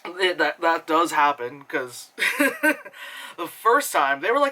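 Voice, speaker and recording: A casual movie reviewer rambles through a film breakdown, peppering every thought with fillers and swearing. The voice bounces up and down with lively pitch swings, and it has a bright, sharp edge. Laughter and quick impressions break in often. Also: poor audio.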